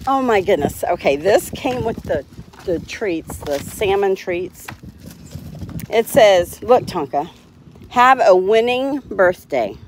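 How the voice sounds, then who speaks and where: A woman's voice: medium pitch, expressive, takes it slowly, a little hiss or hum. A woman hosting a casual livestream, talking cheerfully to her dogs and laughing often. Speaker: dog owner hosting a livestream.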